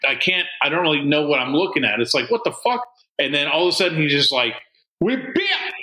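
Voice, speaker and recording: A man telling a crude story on a podcast, swearing constantly and jumping into loud quoted voices. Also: a little high. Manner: profane, animated, swings into loud quoted voices. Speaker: podcast co-host. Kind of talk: casual storytelling. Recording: roomy echo.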